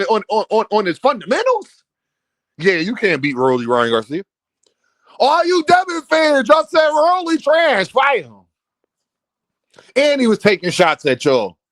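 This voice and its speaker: A young man rants casually about boxing in a high, lively voice that swings up and down. His tone is bright and sharp, recorded dry and close with no room sound. He trash-talks freely and keeps breaking into laughter. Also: no room sound. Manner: animated, trash-talking, laughing often, repeats words. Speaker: boxing commentator. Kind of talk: casual opinion rant.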